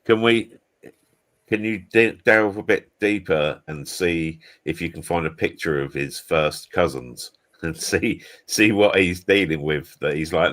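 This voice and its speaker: Crude low-voiced man bantering. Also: a little slow, fairly bright tone. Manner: crude, swearing, laughing banter. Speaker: panel member. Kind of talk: casual live-stream chat.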